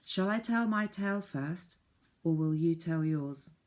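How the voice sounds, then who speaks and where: A woman's voice: low voice, measured pace, a little mellow. A woman voicing a cheerful young boy in a storybook reading, plain and cheerful.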